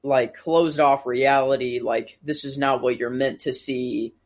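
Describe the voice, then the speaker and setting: Male co-host, relaxed chat, tentative theorizing. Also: medium pitch, measured pace. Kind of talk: casual chat.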